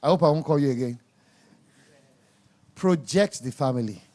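A man's voice: mid-range voice, normal speed, dark tone. A man preaching a sermon, emphatic and scolding, repeating words for stress.

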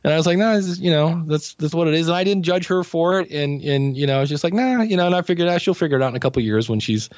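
Rapid-fire and barely pausing, this man speaks in a fairly high, slightly mellow voice as a guest on a podcast. Chatting casually, he wanders from story to story, performing the things he once said, all captured on dry, dull lo-fi audio.

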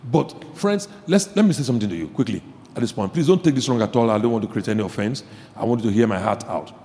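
A male pastor preaching a sermon, swinging from quiet asides to shouted emphasis, repeating phrases and asking the audience questions. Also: medium pitch, animated, fast, in a large hall.

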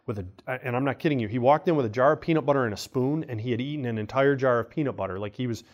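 A man, a kinesiology professor, explaining ideas in a relaxed podcast conversation and acting out the people in his stories. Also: medium pitch, racing, muffled recording. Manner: animated storyteller, acts out quoted voices. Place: college podcast studio.

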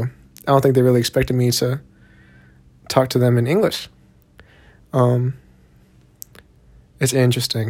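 A man's voice: mid-range voice, darkish tone. Laid-back young Texan man, Southern accent. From Texas. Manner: laid-back, heavy swearing, many fillers. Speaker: vlogger. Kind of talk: casual storytelling vlog.

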